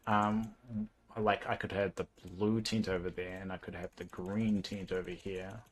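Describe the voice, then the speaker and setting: A man's voice: low-pitched, level tone, moderate pace. A young man with a New Zealand accent, chatting casually as a livestreamer while he plays a game and thinks aloud with plenty of fillers.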